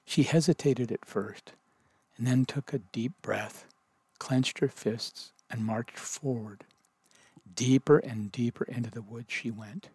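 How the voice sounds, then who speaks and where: A man reading a children's story aloud as narrator, in gentle, measured storytelling. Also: medium pitch, husky, dry recording.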